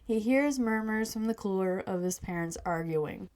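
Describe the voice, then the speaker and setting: A woman's voice: mid-range voice, normal speed, darkish tone. A woman hosting a podcast, reading her own fantasy story aloud with a playful, teasing manner.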